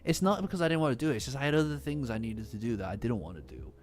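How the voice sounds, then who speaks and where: A man's voice: mid-range voice, lively intonation, racing, darkish tone. A man casually chatting with his live-stream chat, rambling and swearing, often breaking into laughter. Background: faint lofi music.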